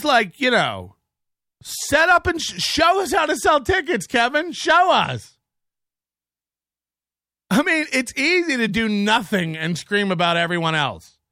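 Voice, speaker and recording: A middle-aged man hosting his show in a profane, mocking rant that rambles from point to point. His voice rides high and swoops around with a bright edge. It is recorded dry on a close mic. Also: no echo. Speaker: podcast host. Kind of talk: casual rant reading chats.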